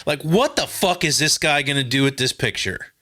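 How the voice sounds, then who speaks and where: A man's voice: a little high, expressive, normal speed, bright, forceful tone. A man hosting a casual movie review podcast, blunt and wry, swearing freely. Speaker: podcast host.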